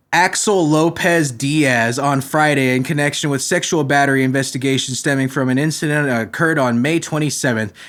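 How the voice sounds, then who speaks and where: A man's voice: on the high side, a bit bright. A young man hosting a comedy podcast, reading news stories aloud and breaking into crude, mocking rants. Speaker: podcast host.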